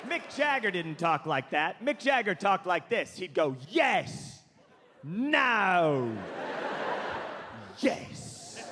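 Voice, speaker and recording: A man in his thirties doing a stand-up comedy set, telling stories with excitable asides. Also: sits high, moderate pace, few pauses, in a large hall, a crowd in the background, noisy background. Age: 30s. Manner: animated, storytelling with excitable asides.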